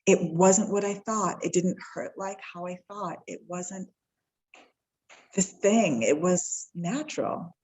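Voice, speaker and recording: A woman in her forties, a podcast guest telling a personal story in a heartfelt, reflective way. She acts out the dialogue with quick shifts in tone and slows down at the key moments. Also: on the low side, warm tone, husky, rough recording.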